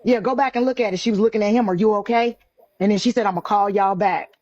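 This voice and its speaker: A woman's voice: mid-range voice, fast, a little mellow, muffled recording. A woman talking emphatically in casual live-stream chat, repeating her points in colloquial slang over her phone.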